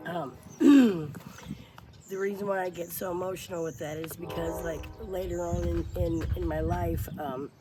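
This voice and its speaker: A woman in her forties telling her life story in an interview, halting and emotional, with many fillers and restarts. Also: lowish voice. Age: 40s. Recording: noisy outdoor background.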